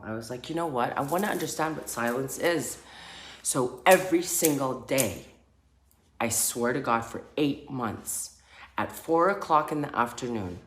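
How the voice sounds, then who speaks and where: A woman who works as a spiritual healer, telling a casual story to camera and acting out the sounds and laughter as she goes. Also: sits low. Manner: animated, acts out sounds and laughter. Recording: echoey room with faint noise.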